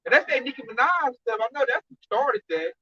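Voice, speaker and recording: Guy preaching loose and slangy, real high and bright, kinda muffled dry sound. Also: brisk, breathy edge. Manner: animated, slangy, scolding. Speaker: speaker at a camp teaching. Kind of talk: informal preaching. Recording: dull dry recording.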